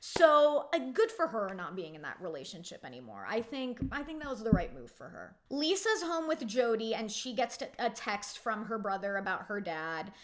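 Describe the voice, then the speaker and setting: A woman's voice: medium pitch, sing-song, normal speed, few pauses. A woman in her twenties giving a casual, opinionated recap of a reality TV episode, filling her talk with "like". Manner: chatty and opinionated, heavy use of "like".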